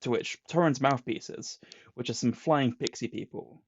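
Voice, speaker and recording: In a medium-pitched voice at a moderate pace, this co-host gives a casual podcast recap of a comic plot, using put-on quotes. The lo-fi audio sounds dull, with a little hiss or hum.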